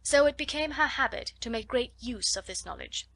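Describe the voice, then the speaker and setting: A woman reading a classic children's novel aloud as an audiobook narrator, steady and clear. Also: a little high, normal speed. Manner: steady storytelling. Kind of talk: scripted narration.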